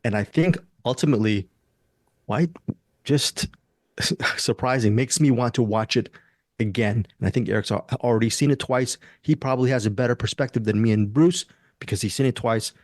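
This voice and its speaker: A man's voice: mid-range voice, normal speed, dry recording, studio quality. A man hosting a casual movie review podcast, talking enthusiastically and rambling with restarts. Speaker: podcast host.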